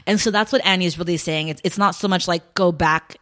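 A woman's voice: fairly low pitch, fast talker, a bit bright. Casual, profane woman co-host. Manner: loose, profane, heavy on "like" fillers. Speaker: podcast co-host. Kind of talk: casual chat recapping a show.

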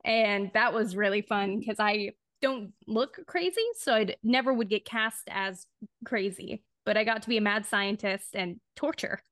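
A woman's voice: medium pitch, measured pace, a bit bright, no echo, studio quality. A young woman co-hosting a casual interview, upbeat and giggly. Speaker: co-host.

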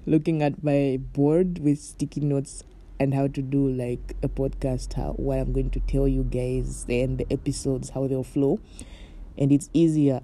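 With a very deep, warm voice, a young woman from Morocco hosts a laid-back solo podcast from her bed. She rambles in a chatty way, sprinkling in "like" and "you know" and little laughs.

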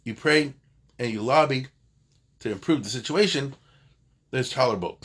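Husky man teaching a Talmud class. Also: medium pitch, normal speed, fairly bright tone. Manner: digressive, conversational, self-correcting. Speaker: Torah teacher.

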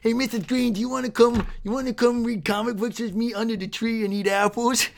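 A man voicing a slow, simple-minded boy with a Boston accent, talking sweetly and earnestly to his teacher. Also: very high-pitched, steady tone, vocal fry.

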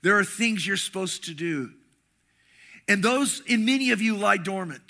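A middle-aged man preaching a sermon with passion, swinging between shouting and hushed tones. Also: high-pitched, expressive, normal speed. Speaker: pastor.

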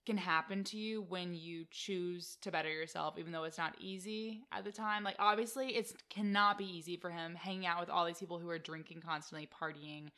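A young woman talks in a quick, chatty way, full of "like" and excited asides. Her voice sits a little low for a woman but sounds bright and forward. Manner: chatty, lots of "like", enthusiastic. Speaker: podcast co-host. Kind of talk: casual chat about a reality show.

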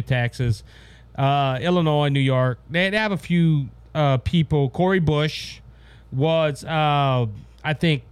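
A man hosting a political commentary show, speaking bluntly and often calling out "ladies and gentlemen," stumbling over words as he reads the news. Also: on the high side, smooth, no echo. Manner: blunt, repetitive, addresses audience as "ladies and gentlemen"; stumbling restarts while reading news aloud. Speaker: podcast host.

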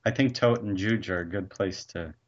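A man's voice: lowish voice, normal speed, lo-fi sound. A man co-hosting a podcast, talking hesitantly with many ums. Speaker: podcast co-host. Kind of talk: casual chat.

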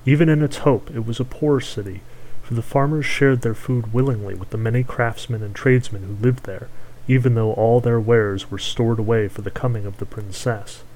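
Man, fairy-tale narration, measured, steady, mid-pitched voice. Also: low-quality recording. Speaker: storyteller.

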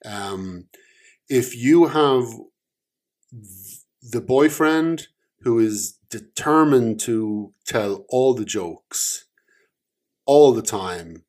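Man, author, slow-talking, hesitant, lots of ums and restarts, soft and trailing. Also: mid-range voice, animated. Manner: soft-spoken, trailing off quietly. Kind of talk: casual conversation about writing.

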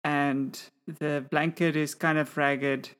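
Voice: medium pitch, little pitch movement, slow pace, a bit bright, smooth. A game master describing scenes and calling for rolls in a tabletop game.

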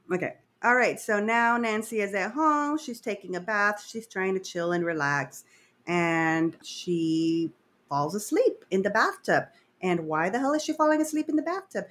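A woman co-hosting a podcast, chatting casually and profanely as she rambles through a film recap. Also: mid-range voice. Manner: profane, rambling, animated storyteller. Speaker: podcast co-host.

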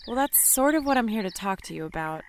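A woman's voice: medium pitch, lively intonation, quick pace, slight background noise. A woman acting as the lead in a comedy sketch, with a self-aware, fumbling, awkward delivery. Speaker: lead comic character.

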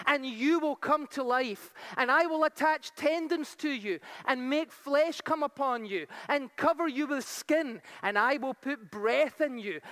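High-voiced fervent woman preacher. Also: fairly bright tone. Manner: reads scripture slowly, tells stories quickly; fervent, rising to exclamations. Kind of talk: sermon.

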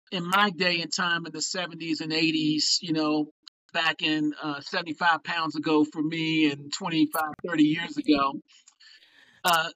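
An older man, a pastor, talking quickly and preacherly in a casual podcast discussion. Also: a little high, sharp tone, dull audio.

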